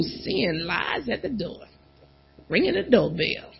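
A woman preaching a sermon, talking straight to the congregation and pausing for replies. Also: fairly high pitch, gravelly, breathy edge, lo-fi sound. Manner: animated, calls out to the congregation.

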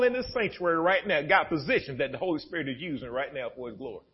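A male pastor with a high voice that leaps up and down as he preaches. His tone is husky, and it shifts from relaxed storytelling to shouted, laughing exhortation. The sermon is recorded in a church sanctuary with dull, lo-fi sound. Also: quick pace, hardly any pauses.

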